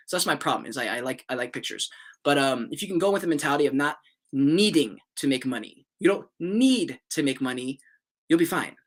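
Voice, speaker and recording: A man in a studio, talking fast in a loose, rambling vlog rant. His voice sits a bit high and sounds bright and forceful, and he swears casually and restarts his sentences as he goes. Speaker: crypto and NFT YouTuber.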